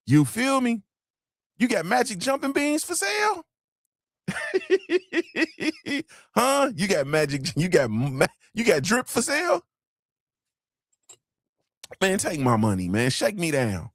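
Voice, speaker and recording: A man putting on the voice of a giddy young man who can't stop spending, excited and shouting playfully. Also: high voice, unhurried, pauses often, no room sound, clean studio sound, voice pushed up, full character voice.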